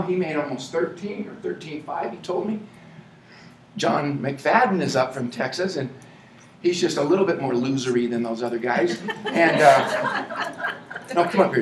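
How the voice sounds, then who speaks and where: An American man giving a lively motivational speech at a sales event, punching key points with shouts and humor. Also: a little high, recorded from a distance, very noisy. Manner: energetic, playful, shouts for emphasis. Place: large event hall with audience. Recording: echoey hall, voice from afar.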